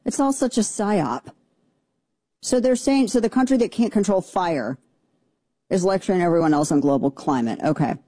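A woman's voice: low-pitched, warm tone, no room sound. A woman hosting a political commentary show, talking in an indignant, exasperated way with many restarts. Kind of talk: opinionated commentary monologue.

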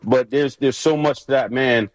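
A man in his thirties, a guest and former pro football player, telling stories in a casual, animated way and acting out his coaches' yelling. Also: medium pitch, moderate pace, no room sound, muffled recording. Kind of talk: casual storytelling on a radio show.

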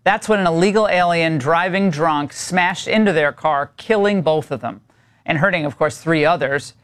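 A man's voice: a little high, moderate pace, a bit bright, smooth. A man hosting a cable news show, interviewing guests in an emphatic, indignant way. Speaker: TV news host.

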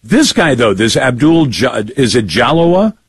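A man's voice: mid-range voice, lively intonation, unhurried, gravelly, breathy edge, no room sound. A man hosting a political talk radio show, emphatic and fond of rhetorical questions.

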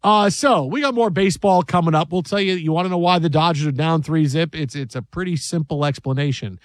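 A man hosting a sports talk show tells a story with animation, acting out the voices of the people involved. His pitch is fairly high, he speaks a little fast, and the recording is dry.

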